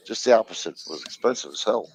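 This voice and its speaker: A man's voice: fairly low pitch, quick pace, slight background noise, low-quality recording. A man joking and telling stories in a casual group chat. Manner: animated, joking.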